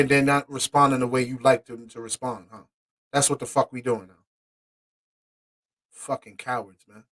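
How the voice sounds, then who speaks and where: The host of a podcast, a man with a mid-range voice, angrily comments on court documents he reads out. He curses, sounds indignant, stumbles over his words, and veers from muttered asides to loud bursts.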